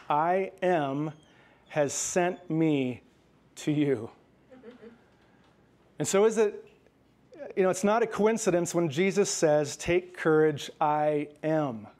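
A male pastor delivering a sermon with a slightly raised pitch. He talks to the congregation like a conversation, often checking in with them and chuckling through his personal stories. When he reads scripture, he slows down and softens his voice. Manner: conversational preaching with frequent "right?" and "okay?".

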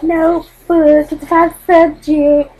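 Teen girl, webcam vlog at home, high-pitched, hyper and rambling. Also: level tone, slow, a little mellow, rough recording. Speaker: vlogger. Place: dark bedroom at home.

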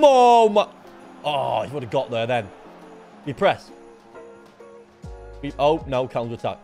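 A young man commentating his own football video game match, muttering under his breath and then bursting into shouts. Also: moderate pace, long pauses, soft background music. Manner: excitable, swings from low muttering to shouted outbursts. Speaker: gaming YouTuber. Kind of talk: live gameplay commentary.

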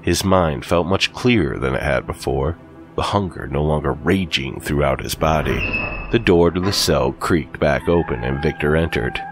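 A man narrating a scripted horror story with steady, deliberate storytelling. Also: extremely low pitch, music in the background.

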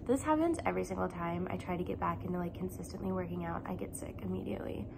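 Young woman, crafter vlogger, hoarse and croaky, rambling with fillers, faint background noise. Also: lowish voice, quick pace. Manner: rambling, filler-heavy, slips into soft whispery phrases. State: losing her voice, unwell. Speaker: crochet vlogger. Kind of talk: casual vlog chat.

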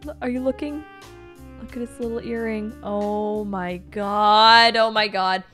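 A young woman hosting a comic read-through, giving gushing, excitable commentary and exclaiming often. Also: fairly high pitch, a little fast, soft background music. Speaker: host reading a comic.

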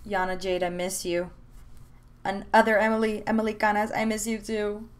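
In her room at home, a young adult woman who vlogs about art gushes over her sketchbooks in a chatty, rambling way, full of fillers and restarts. Even so, her mid-range voice has a flat delivery at a moderate pace.

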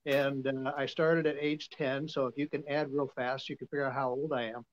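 A man's voice: mid-range voice, little pitch movement, brisk. A man in his seventies, from Nebraska, telling stories as a podcast guest in a folksy, rambling way with many fillers. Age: 70s. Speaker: guest, vintage guitar dealer. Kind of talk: casual storytelling. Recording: dull, lo-fi sound.

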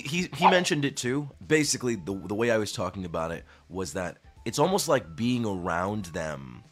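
A man streamer talks casually and earnestly to his viewers, gushing and swearing freely. His voice sits low, but it leaps up high when he gets excited. Faint music plays underneath.

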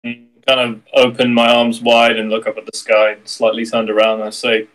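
A man playing a tabletop game, playful and quick, describing what his character does. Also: medium pitch, monotone, a bit bright, poor audio. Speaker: player. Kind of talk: casual tabletop play.

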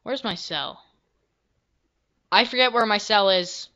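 A woman giving casual, self-deprecating commentary while she plays a video game, now and then breaking into loud yelps. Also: medium pitch, slow pace, lo-fi sound. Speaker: gameplay video creator. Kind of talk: casual let's-play commentary.

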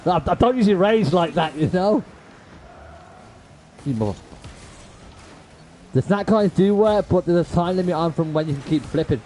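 A man's voice: high voice, expressive, normal speed, pauses often, darkish tone, a little hiss or hum, poor audio. A man live-streaming a game, chatting with viewers in slangy talk, swearing and raging at plays, then apologizing. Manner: talks straight to chat viewers, slangy with lots of bro. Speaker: gaming livestreamer. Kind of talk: casual live commentary to chat while playing.

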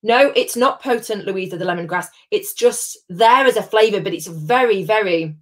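A woman's voice: medium pitch, normal speed. A woman hosts a live-streamed tasting from home. She chats in a bubbly way and greets viewers by name. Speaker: host of a live gin tasting.

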